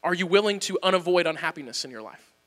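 A man preaching a sermon in a church, candid and self-deprecating, moving between hushed talk and shouting. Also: sits high, lively intonation, quick pace, in a large hall. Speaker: pastor.

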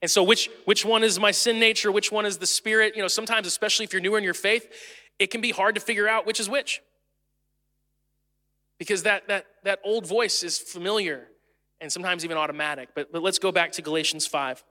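A fairly high, very bright male voice preaching a sermon in a church sanctuary, the sound ringing out in a long reverb. He talks to the congregation in a loose, self-deprecating way. His storytelling turns animated as he goes. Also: fairly quick. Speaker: pastor. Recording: long reverb of a large hall.

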